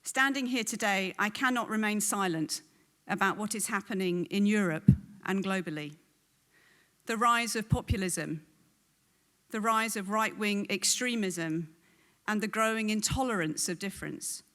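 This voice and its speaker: Woman giving a measured welcome speech. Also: mid-range voice, fairly bright tone. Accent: southern English. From England. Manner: measured, earnest, with frequent ums. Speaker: event host, director welcoming audience. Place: event venue hall.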